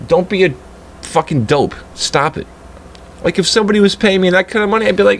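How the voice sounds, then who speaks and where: A male game streamer in a casual, profane rant that swings between low grumbling and loud, high-pitched outbursts. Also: very animated, normal speed, vocal fry, long pauses, a little hiss or hum. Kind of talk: casual ranting chat while streaming.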